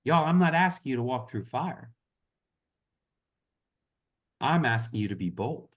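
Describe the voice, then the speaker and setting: A man leads his network marketing team on a group video call with an earnest, impassioned motivational talk, repeating "y'all" again and again. His medium-pitched voice is expressive and brisk.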